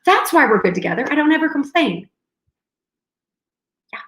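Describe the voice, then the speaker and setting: Woman, young adult, highish voice, chatty storyteller, acts out dialogue, echoey room. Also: sing-song, moderate pace, fairly bright tone, a little hiss or hum. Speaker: co-host. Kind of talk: casual chat.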